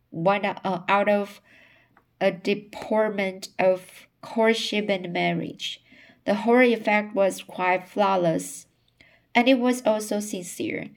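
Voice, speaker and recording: A woman reading a novel aloud, often stumbling over words and starting phrases again. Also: mid-range voice. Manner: reads slowly with frequent stumbles and restarts. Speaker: narrator.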